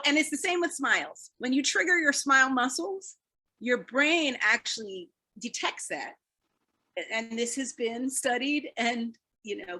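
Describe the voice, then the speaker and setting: A woman presenter with a high, bright voice leads a wellness workshop. She talks in an upbeat, encouraging way and breaks into laughter often. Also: husky. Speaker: fitness speaker leading a wellness talk. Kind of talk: live online wellness workshop.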